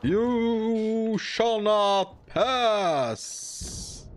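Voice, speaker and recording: A man putting on the voice of a commanding old male wizard, stretched out and booming. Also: lively intonation, slight background noise, full character voice. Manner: drawn-out, booming declaration.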